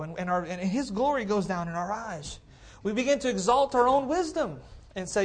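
A pastor preaching a conversational sermon on a cordless mic in a church, repeating phrases for emphasis and often checking in with the congregation. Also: male voice, high-pitched, expressive, fairly quick. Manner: conversational preaching, checks in with "okay? all right?". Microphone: cordless handheld mic.

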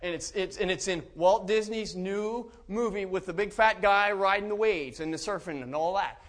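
Emphatic high-voiced preacher man. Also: normal speed. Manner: emphatic, rising to loud preaching; repeats and restarts words. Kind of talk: sermon. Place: church.

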